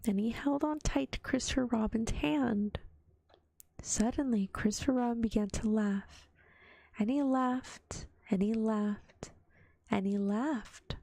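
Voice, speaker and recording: A woman reads a children's story in a gentle ASMR whisper, taking her time. Her voice sits a little high and the recording is close and dry. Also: takes it slowly, gravelly, no room sound. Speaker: vtuber storyteller. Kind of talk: soft ASMR storybook reading.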